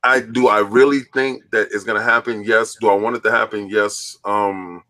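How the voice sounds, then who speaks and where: A man's voice: lowish voice, flat delivery, normal speed, bright, forceful tone, no room sound. A man co-hosting a gaming podcast, rambling in a loose chat with lots of fillers and restarts. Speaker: podcast co-host.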